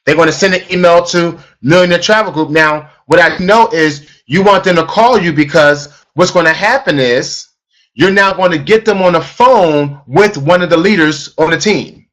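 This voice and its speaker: A middle-aged man giving an energetic sales training talk, emphatic and repetitive, often asking the audience questions. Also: fairly high pitch, moderate pace. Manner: emphatic, repeats himself, asks the audience questions. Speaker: network marketing trainer.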